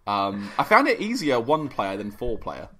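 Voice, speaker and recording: A man's voice: mid-range voice, wildly swooping pitch, normal speed, pushed and bright, husky. A man chatting casually as a podcast guest, rambling and self-deprecating with a joking tone. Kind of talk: casual chat.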